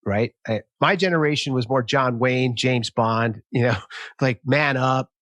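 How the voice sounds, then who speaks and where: A man's voice: mid-range voice, a little slow, no echo. A man in his fifties hosting a podcast interview, talking casually and acting out quotes in a raised voice. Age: 50s. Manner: animated, acts out quotes in a raised voice. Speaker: podcast host.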